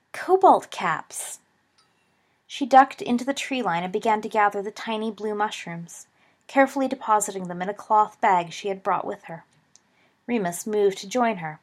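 A woman narrating a story aloud in a steady audiobook reading, giving the characters voices. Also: medium pitch.

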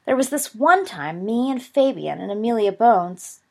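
A woman's voice: fairly high pitch, sing-song, normal speed, vocal fry, voice pushed up, heavily acted. A woman voicing a boisterous young wizard who likes to lecture younger boys, in an audiobook. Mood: hearty. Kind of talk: audiobook character voice.

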